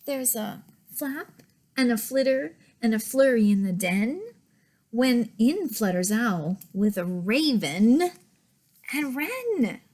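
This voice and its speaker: A woman who works as a children's librarian, reading picture books aloud in a gentle, expressive manner that often drops to a whisper. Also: fairly high pitch, slow pace. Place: public library.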